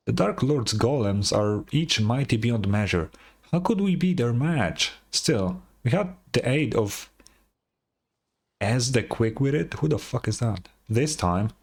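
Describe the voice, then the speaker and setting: Man voicing a grandiose, self-important leader, slow and lofty. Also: medium pitch, expressive. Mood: boastful. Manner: grandiose storytelling. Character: boastful pompous male rebel leader.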